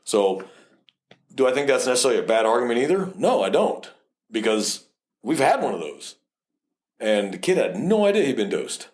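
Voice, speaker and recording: Blunt, profane cop talking on a podcast. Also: male voice, mid-range voice, moderate pace, pauses often. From South Texas. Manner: blunt and profane, with animated storytelling. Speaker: police officer, podcast co-host. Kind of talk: casual podcast chat.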